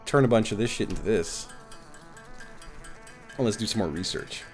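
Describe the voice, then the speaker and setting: A man's voice: fairly low pitch, moderate pace, faint music behind. A man chatting casually on a live game stream, telling stories with lots of laughter. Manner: animated storytelling with frequent laughs. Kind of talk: casual live-stream chat while gaming.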